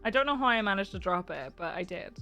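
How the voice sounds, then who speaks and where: A woman streamer chatting casually on a live stream, giggling often and now and then cooing softly to her pets. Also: mid-range voice, fast, soft background music. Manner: giggly, animated, laughs often; coos in a soft baby voice to her pets.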